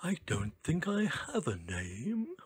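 A man's voice: on the high side, huge pitch swings, slow, breathy edge, voice pushed up, heavily acted. A man voicing a strange, clumsy male dinosaur in a storybook reading, weary and muttering.

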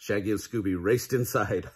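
A man's voice: lowish voice, moderate pace, slight background noise. An older man reading a children's picture book aloud, chuckling often between lines. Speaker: grandfather reading to kids.

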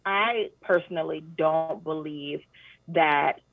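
A woman guest talking earnestly in a casual interview chat, often animated and full of fillers. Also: low-pitched, slow pace, vocal fry, no echo. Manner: earnest, animated when retelling, many fillers. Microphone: phone call. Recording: tinny phone line.

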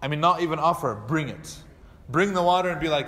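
A man's voice: fairly high pitch, fast, long reverb tail. A man, an imam, teaching a lecture class, acting out little dialogues as he tells stories. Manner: animated storytelling with acted-out dialogue. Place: mosque hall.

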